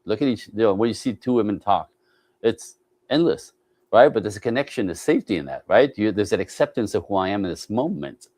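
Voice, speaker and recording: In an animated interview, a relationship coach speaks emphatically, repeatedly asking "right?" and mimicking the voices of others. His fairly low, slightly mellow voice is lively and a little fast, with no echo.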